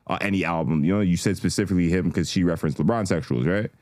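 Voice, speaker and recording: A man hosting a casual podcast, putting quickfire would-you-rather questions to his guests. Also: sits low, a little mellow, dry recording, studio quality. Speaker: podcast host.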